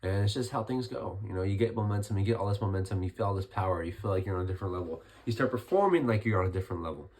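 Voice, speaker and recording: Hoarse, lowish young man; rambling casual fight recap vlogger, voice still rough from illness. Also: rapid-fire, hardly any pauses, a little mellow. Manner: chatty, rambling, lots of restarts. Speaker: MMA commentary vlogger.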